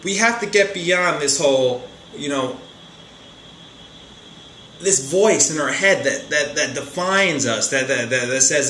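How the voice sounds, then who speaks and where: A man's voice: a little high, lively intonation, measured pace, bright, forceful tone, reverberant, slight background noise. A man giving a casual spiritual monologue from a chair at home, emphatic and repetitive, with frequent stumbling restarts. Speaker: spiritual talk host. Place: room in a home, seated on a chair.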